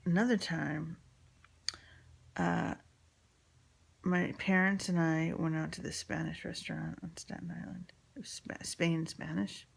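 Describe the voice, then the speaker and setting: A woman's voice: fairly low pitch, little pitch movement, unhurried, gravelly, long pauses, slightly rough. A woman in her forties from New York telling a personal story in a frank, rambling way with lots of fillers and swearing.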